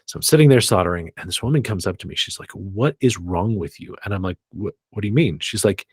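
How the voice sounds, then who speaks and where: A man telling an animated story to a church media group, acting out what people said. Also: fairly low pitch, fast, breathy edge, no echo, clean studio sound. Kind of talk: storytelling in a group video call.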